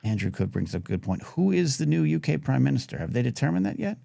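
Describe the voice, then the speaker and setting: A man's voice: medium pitch, big pitch swings, fast talker, vocal fry, dark tone, no room sound, studio quality. A man hosting a casual live talk radio show, rambling and reading out chat comments. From United States.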